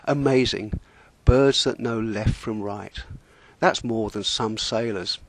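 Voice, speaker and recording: Deadpan man telling a sailing story. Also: lowish voice, slow, no room sound. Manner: deadpan, wry. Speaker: amateur sailor telling a comic story. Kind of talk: humorous spoken monologue.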